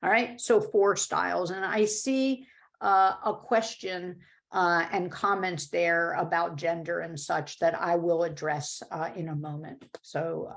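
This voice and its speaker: Female webinar presenter, lowish voice with some fry, conversational teaching over a video call. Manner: explanatory, conversational, with frequent "right?" and "uh". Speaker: workshop presenter. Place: home or office video call.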